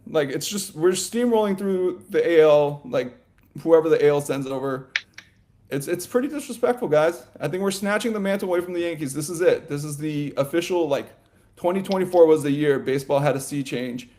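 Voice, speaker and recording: A man co-hosting a sports podcast, talking in a loose, animated ramble full of "like" and "you know" and quick laughs. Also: a little high. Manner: laughs often mid-sentence. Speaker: podcast co-host. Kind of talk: casual sports chat.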